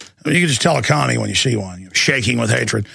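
A man's voice: mid-range voice, animated, quick pace, vocal fry, bright, forceful tone, husky, no room sound. A man hosting a talk show, ranting heatedly and emphatically, often repeating himself for effect. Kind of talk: ranting political commentary.

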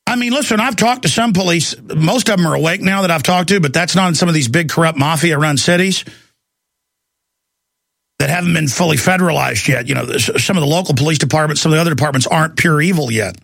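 A man hosting a talk radio show, ranting in a rambling, animated way. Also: fairly high pitch, fast talker, gravelly, no room sound. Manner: animated, rambling, acts out quoted voices. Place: radio studio.

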